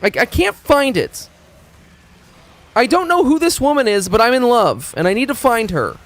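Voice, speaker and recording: A man's voice: very high voice, big pitch swings, normal speed, fairly bright tone. A man streaming games in a rambling, profane chat, stumbling over his words and restarting sentences. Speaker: game streamer. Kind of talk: casual live-stream chat.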